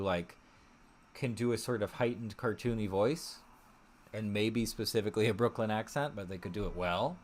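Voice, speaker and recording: A man's voice: lowish voice, a little hiss or hum. A man hosting a casual live stream, chatting in a rambling way, thinking aloud with many fillers and frequent laughs. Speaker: streamer host.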